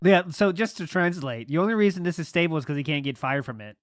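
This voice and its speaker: A man's voice: on the high side, expressive, fast, noisy background. A man hosting a podcast, reacting to clips with sarcastic, profane wisecracks. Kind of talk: casual podcast commentary.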